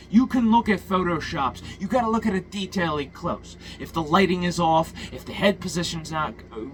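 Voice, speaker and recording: A man's voice: high voice, pushed and bright, a little hiss or hum, low-quality recording. A man ranting a political monologue, profane and heated, full of stumbles and restarts. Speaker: political commentator.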